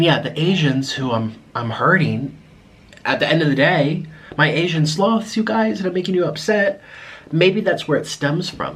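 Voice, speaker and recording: A young American man talking casually to his viewers at home in a rambling, halting way, full of restarts. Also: on the high side, fairly bright tone. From United States. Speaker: mukbang vlogger. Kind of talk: casual vlog monologue to viewers.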